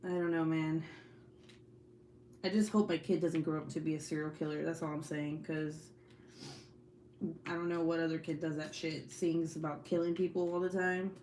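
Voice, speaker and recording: A woman's voice: low voice, little pitch movement, moderate pace, pauses often, darkish tone, a little hiss or hum. A mother chatting casually with her viewers, joking about her kids, laughing often and swearing freely in slangy talk. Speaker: livestream host chatting with viewers; mother of several young kids. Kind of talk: casual chat.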